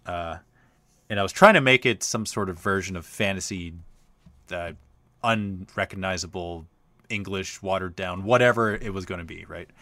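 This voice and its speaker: Low, punchy male host spinning a rambling casual anecdote, recorded dry. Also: normal speed, pushed and bright, no echo. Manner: chatty, rambling, lots of uh fillers. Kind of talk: casual storytelling.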